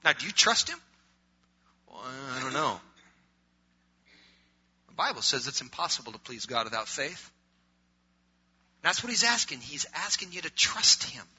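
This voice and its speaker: Emphatic preacher man, bright lo-fi recording. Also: fairly high pitch, very animated, normal speed, husky. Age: middle-aged. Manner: swings from loud emphatic preaching to quiet conversational asides. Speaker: pastor. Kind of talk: sermon. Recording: muffled lo-fi recording.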